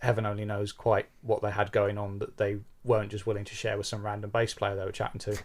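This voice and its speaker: Middle-aged man, low-ish register, frank and self-deprecating interviewee. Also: completely flat delivery, fast. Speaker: podcast host being interviewed, bass player. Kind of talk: candid conversational interview.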